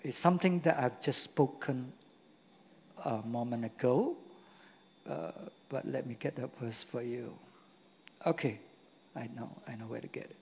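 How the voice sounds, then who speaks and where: A man's voice: mid-range voice, unhurried, long pauses, a little mellow, a little hiss or hum. A man preaching a sermon in a church, emphatic and full of rhetorical questions. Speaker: pastor. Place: church hall. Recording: long hall reverb, dull lo-fi sound.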